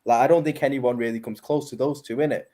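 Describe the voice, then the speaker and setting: Brief: male panelist, emphatic football debater, mellow warm timbre. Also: medium pitch, steady tone, fast. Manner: opinionated, emphatic, says innit.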